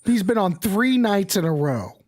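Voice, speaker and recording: A man hosting a casual livestream chat over a video call, excitable and teasing, swearing freely as he jokes with his guests. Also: high-pitched, normal speed. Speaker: show host.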